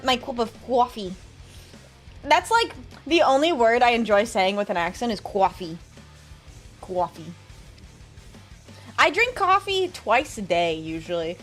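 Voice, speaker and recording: Chatty high-voiced woman streamer. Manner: chatty, sarcastic, laughs often. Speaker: VTuber streamer. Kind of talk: casual stream chat reading viewer messages.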